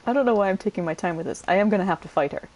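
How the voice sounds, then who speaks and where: A woman's voice: mid-range voice, rapid-fire, darkish tone, low-quality recording. A woman casually commenting on her gameplay, chatty and jokey, with the occasional curse. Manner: chatty, joking, swears. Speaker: gamer.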